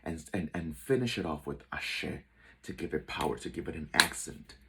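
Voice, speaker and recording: A man speaking as a spiritual teacher, delivering an inspirational message in slow, measured, repeated affirmations. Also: very deep voice, expressive, heavy background noise.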